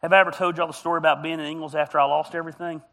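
A man's voice: on the high side, flat delivery, racing, sharp tone. A man preaching a humorous, storytelling sermon as a pastor, joking and teasing his congregation. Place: church auditorium.

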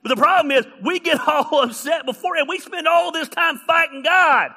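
Pastor, high bright voice, animated, shouts a lot while he tells stories. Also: moderate pace, creaky. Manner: animated, often shouting, storytelling. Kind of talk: sermon with comic stories.

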